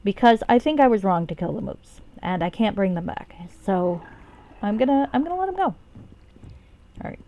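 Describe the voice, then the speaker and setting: A woman's voice: a little high, lively intonation, moderate pace, highs cut off. A woman streaming a game, chatting casually and rambling, swearing freely and joking about herself. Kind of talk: casual live-stream commentary.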